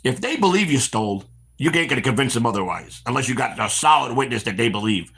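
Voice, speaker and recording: Talking fast in a creaky, husky mid-range voice, a middle-aged Chicago-area man hosts a walk-and-talk stream outside. He animatedly tells long stories from his past, acting out the voices in them, with frequent restarts.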